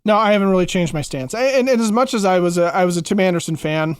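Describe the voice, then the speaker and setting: A man's voice: high-pitched, quick pace, smooth, no echo. A man co-hosting a sports podcast, talking in long reflective runs with many restarts. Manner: rambling, reflective, lots of restarts. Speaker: podcast co-host. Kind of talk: casual sports podcast chat.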